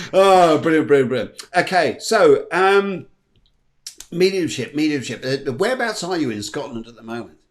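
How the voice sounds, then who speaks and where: A man's voice: on the high side, animated, normal speed. Upbeat chatty man hosting. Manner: upbeat, chatty, repeats words. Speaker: host. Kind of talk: casual live-stream chat.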